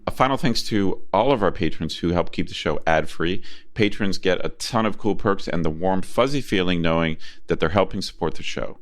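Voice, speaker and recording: Male co-host, very low voice, relaxed conversational delivery. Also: normal speed, hardly any pauses. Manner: easygoing, reads sponsor thanks. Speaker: podcast co-host. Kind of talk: casual chat and show outro.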